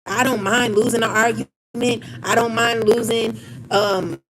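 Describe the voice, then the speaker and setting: A woman's voice: on the high side, steady tone, measured pace, background noise. A woman, venting angrily to camera in a profane personal rant full of repeated phrases and restarts. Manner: heated, profane and repetitive, with many restarts. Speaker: vlogger.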